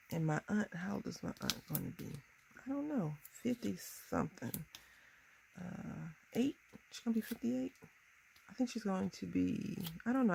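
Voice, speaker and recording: Low gravelly-voiced chatty woman crafter. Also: a little hiss or hum. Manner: chatty, bubbly, often laughing at herself. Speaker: crafting vlogger. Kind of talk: casual crafting tutorial chat.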